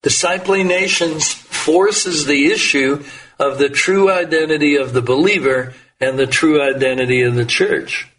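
A middle-aged man delivers a sermon at an unhurried, deliberate pace. His voice sits a little high for a man, and he leans into key words with emphasis, climbing higher when he quotes scripture. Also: a bit bright, far from the mic, slight background noise, rough recording. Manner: slow, emphatic preaching that rises in pitch on quoted lines. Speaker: preacher.

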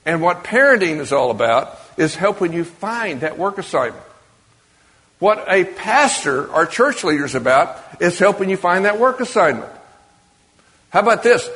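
The long reverb of a big hall surrounds this preacher, whose voice sits high with a fairly bright tone. Very animated and at a moderate pace, he talks to his congregation conversationally in a church or meeting hall, often quizzing the audience.

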